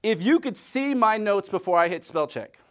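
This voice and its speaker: A middle-aged man delivers a humorous sermon, telling stories animatedly and playing with words. His voice is high and his pace moderate.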